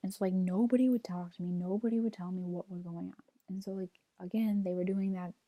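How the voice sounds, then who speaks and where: A woman's voice: fairly low pitch, steady tone, a little fast, warm tone, no room sound. A young woman in her twenties telling a personal story in a vlog, rambling with lots of "like" and near tears. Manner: rambling, fills speech with "like", retells quotes. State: near tears, holding back crying. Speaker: vlogger.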